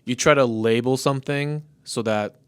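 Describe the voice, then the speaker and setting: A man's voice: medium pitch, moderate pace, fairly bright tone, smooth, dry recording. A man in his thirties co-hosting a podcast, explaining ideas in loose, restarting phrases. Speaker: podcast co-host. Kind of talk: casual podcast chat.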